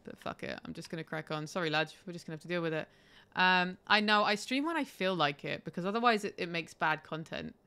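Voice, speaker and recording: A woman's voice: on the low side, expressive, fast talker, bright, forceful tone, clean tone. A woman live-streaming a game from home on a headset, chatty and swearing, with laughing asides.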